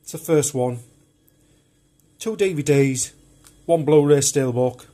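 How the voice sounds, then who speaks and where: Taking it slowly, a man with a high-leaning, dark voice shows his home video collection on camera. He rambles and chats, casual and unpolished throughout.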